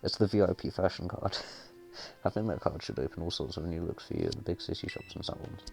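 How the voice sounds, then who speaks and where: Fussing old grandma from a game read by a man, low and gravelly, faint music under it. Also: fairly quick. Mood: kindly. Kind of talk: reading game dialogue aloud.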